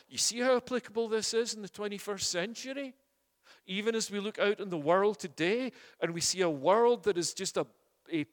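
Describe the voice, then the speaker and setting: Preacher guy, emphatic, lots of questions, slightly high voice, echoey church. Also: animated, moderate pace. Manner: emphatic, rhetorical, repeats words. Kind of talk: expository sermon.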